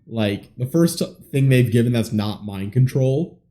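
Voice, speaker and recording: A man's voice: mid-range voice, unhurried, mellow. A young man co-hosting a podcast, recapping a movie in laid-back, dry casual chat. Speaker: podcast co-host.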